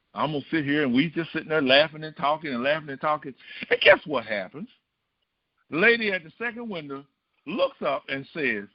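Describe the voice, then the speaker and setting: Middle-aged preacher with a higher voice. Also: male voice, no echo, highs cut off. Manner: asks the congregation rhetorical questions. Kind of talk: storytelling sermon.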